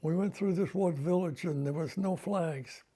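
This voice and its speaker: An older retired army veteran man recalling his service in a plain-spoken, halting way, with fillers and self-corrections. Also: sits high, warm tone, husky. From United States. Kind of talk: oral history recollection.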